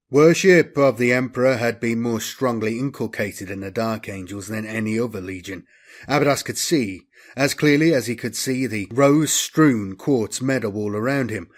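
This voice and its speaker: A man narrating a science fiction novel as an audiobook in a steady, dramatic reading that often drops quieter at the ends of phrases. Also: mid-range voice.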